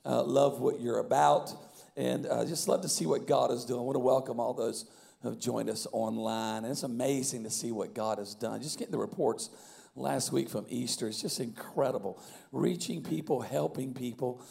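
Man, preacher, hoarse, gravelly, dark mellow tone, folksy. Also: mid-range voice, steady tone, normal speed. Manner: folksy, chatty storytelling. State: hoarse, lost voice. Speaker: guest pastor. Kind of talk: sermon opening.

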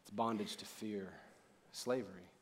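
A middle-aged male pastor preaching a sermon in a lively, conversational way, calling on the audience to respond. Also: fairly low pitch, unhurried. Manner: casual, conversational asides.

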